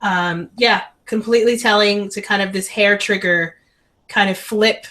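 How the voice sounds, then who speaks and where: A woman co-host gives her take on a show in loose, conversational chat, dotted with ums and likes. Her voice is bright and crisp at a middling pitch, carried over a video call. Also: fairly even intonation, a little slow. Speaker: podcast co-host. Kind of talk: casual chat recap.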